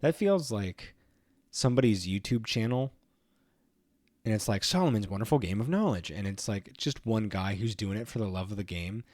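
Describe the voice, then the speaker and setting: A man's voice: on the low side, moderate pace, darkish tone, dry recording. A male streamer telling a rambling story while playing a game, full of fillers and many likes.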